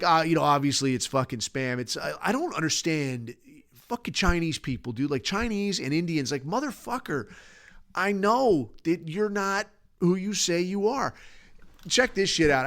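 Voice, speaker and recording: A man's voice: on the high side, normal speed, fairly bright tone. A man hosting a podcast, ranting alone in a rambling, profane, sardonic way. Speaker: podcast host. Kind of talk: casual solo rant.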